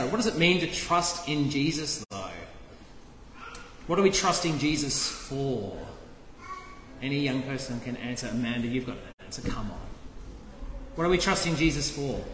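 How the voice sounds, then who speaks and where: High-voiced playful pastor in echoey hall. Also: male voice, fairly bright tone, a little hiss or hum. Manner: playful, asks the kids questions. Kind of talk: children's talk in a sermon. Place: church. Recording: echoey church hall, faint ambience.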